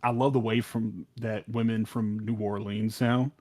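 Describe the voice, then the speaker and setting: A man's voice: lowish voice, level tone, a little slow, mellow. Rambling man on a podcast. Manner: rambling, lots of like and um. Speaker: podcast co-host. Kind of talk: casual podcast chat.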